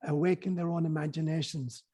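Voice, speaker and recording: A man's voice: fairly high pitch, fairly even intonation, fairly quick, dark tone, husky. A man speaking as an interview guest, telling a story earnestly with hesitant fillers.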